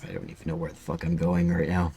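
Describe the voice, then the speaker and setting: A man's voice: deep voice, flat delivery, quick pace, gravelly, warm tone, slight background noise. A man giving rambling, casual gameplay commentary, cursing freely as he plays. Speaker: streamer.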